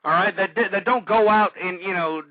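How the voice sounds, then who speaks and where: A radio host holds forth in a heated, ranting monologue, his voice pitched very high for a man. The sound is dry and close, squeezed thin like a phone line. It is an old lo-fi broadcast. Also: moderate pace, no room sound. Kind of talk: political talk radio monologue.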